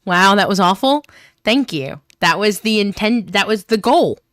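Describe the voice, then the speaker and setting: A woman's voice: mid-range voice, lively intonation, moderate pace, a bit bright, no echo, studio quality. A woman streamer giving casual, joking gaming commentary, loose and profane. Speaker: streamer playing a visual novel.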